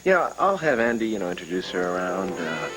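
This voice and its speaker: A man's voice: low-pitched, very animated, a little fast, music in the background, low-quality recording. An actor playing a flirtatious, easygoing man, playful and insistent in his offers. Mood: flirty. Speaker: charming local man. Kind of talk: daytime soap acting.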